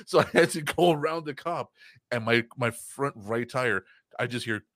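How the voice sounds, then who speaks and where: A man's voice: mid-range voice, normal speed, a bit bright, no echo, studio quality. A young man hosting a podcast, telling stories in a rambling, profane casual chat full of fillers. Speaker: podcast host.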